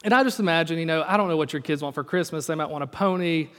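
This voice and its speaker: Male pastor, high voice, chatty sermon delivery, long hall reverb. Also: quick pace, fairly bright tone, clean tone. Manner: conversational, storytelling with acted quotes.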